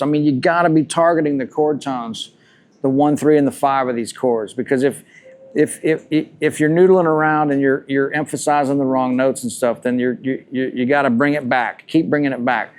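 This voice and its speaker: A man teaching a live guitar masterclass, talking loosely and repeating himself as he thinks aloud between demonstrations. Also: mid-range voice. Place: room with a live audience. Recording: guitar music loud behind the voice.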